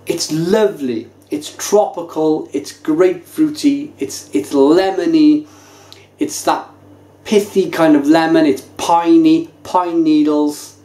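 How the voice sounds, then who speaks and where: A man reviewing craft beer to camera, talking casually with animated enthusiasm. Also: on the high side, takes it slowly. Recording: echoey room.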